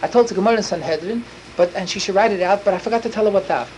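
Fast-talking man telling a story with inflection. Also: sits high, a little mellow, a little hiss or hum, rough recording. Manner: rapid, breathless, full of Yiddish and Hebrew words. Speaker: storyteller for children. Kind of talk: animated storytelling.

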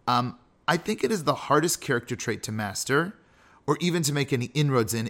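A man's voice: medium pitch, fairly bright tone. A man hosting a podcast, teaching character ethics in a casual way, full of self-deprecating asides and rhetorical questions. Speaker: podcast host.

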